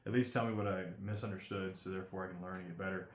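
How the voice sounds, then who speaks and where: A man's voice: low voice, steady tone, very fast. A man giving chatty, rambling commentary as he opens trading card packs and reads the card text aloud. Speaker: card collector host. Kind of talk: casual card-opening commentary. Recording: roomy echo.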